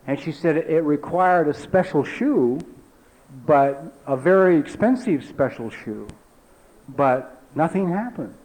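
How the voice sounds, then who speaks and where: Man, forties, high voice, recovery meeting speaker, conversational, frequent "you know", drops quiet for emphasis. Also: lively intonation, takes it slowly, rough recording. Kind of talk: personal story talk. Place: meeting hall.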